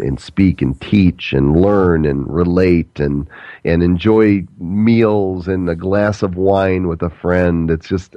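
A man's voice: extremely low pitch, dry recording, dull audio. A man being interviewed as an entrepreneur and speaker, talking in an upbeat, expansive way and repeating words as he thinks. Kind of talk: conversational interview answers.

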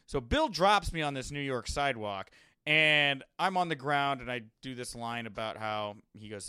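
A young man hosting a podcast, telling rambling, animated anecdotes in a casual monologue. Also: mid-range voice, moderate pace, clean tone, dry recording, clean studio sound. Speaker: wrestling podcast host.

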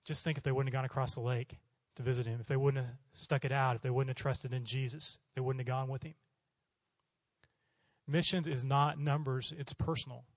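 On a dry recording, a mid-range male voice belongs to a middle-aged Oklahoma missionary preacher. He's animated as he tells sermon stories and acts out the voices of the people in them.

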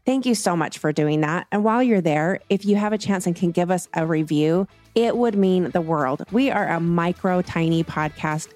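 A woman's voice: lowish voice, normal speed, few pauses, a little mellow, soft background music. A middle-aged woman hosting a podcast, chatty and snarky, often acting out both sides of a conversation. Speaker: podcast host. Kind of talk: casual podcast interview.

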